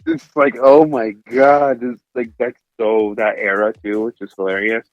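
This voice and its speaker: A man's voice: medium pitch, steady tone, moderate pace, no room sound, lo-fi sound. A young man hosting a casual podcast film review, laughing often and acting out movie lines in put-on voices. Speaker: podcast host.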